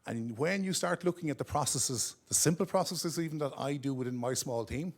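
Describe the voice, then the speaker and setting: Male presenter, gravelly, chatty conference talk, keeps checking in with "okay?". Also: on the high side, fairly quick. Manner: conversational, often checks in with "okay?". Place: conference room at a corporate office.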